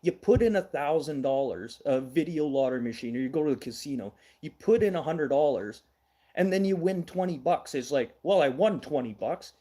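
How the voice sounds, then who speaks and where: A man's voice: fairly high pitch, lively intonation, brisk, mellow. A middle-aged man from Manitoba, hosting a casual livestream news show, blunt and ranting, swearing now and then. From Manitoba, Canada.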